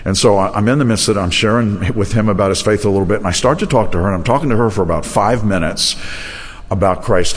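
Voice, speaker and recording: A male pastor preaching with a fairly low voice. He tells stories with self-deprecating humor and acts out what people said. His voice carries a long, echoing church reverb. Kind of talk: sermon. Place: church sanctuary.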